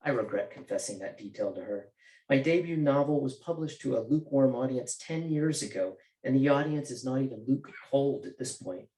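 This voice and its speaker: A man's voice: medium pitch, animated, fairly quick, warm tone. A male author reading from his novel at a bookstore event, with casual joking asides. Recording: roomy bookstore echo.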